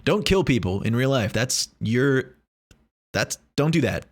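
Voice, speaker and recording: A man's voice: medium pitch, lively intonation, measured pace. A man vlogging in a casual, rambling way, joking and swearing as he talks to the camera. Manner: rambling, joking, profane, many restarts.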